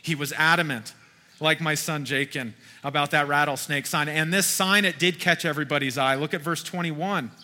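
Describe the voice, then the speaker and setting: A man in his forties delivers a sermon in a relaxed, folksy manner and keeps asking his listeners questions. His voice is very bright and sits a little high. Long reverb from a hall hangs behind him. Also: moderate pace. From Kentucky. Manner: conversational, folksy preaching with rhetorical questions. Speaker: pastor.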